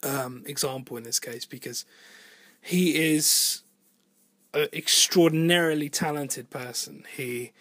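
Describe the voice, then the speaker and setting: A man's voice: a little high, measured pace, a bit bright, no echo. A man, a singer-songwriter, talking casually about making his album, thinking aloud, rambling and swearing now and then. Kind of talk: casual spoken monologue about album production. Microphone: home voice recording.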